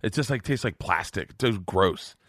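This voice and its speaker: A male comedian telling an animated, profane story in a podcast conversation. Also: fairly low pitch, normal speed, no echo, studio quality. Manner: animated, swearing, acts out voices.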